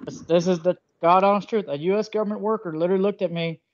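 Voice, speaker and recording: A man hosting a casual interview, telling jokey stories in an animated way over a cell phone. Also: high-pitched, quick pace, very noisy. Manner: joking, animated storyteller. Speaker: host. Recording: dull lo-fi phone call.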